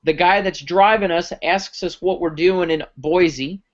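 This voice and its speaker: A man giving a live sales pitch on a conference call, telling stories and acting out the dialogue. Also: unhurried. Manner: storytelling, acts out dialogue. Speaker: company founder pitching product. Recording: muffled lo-fi recording.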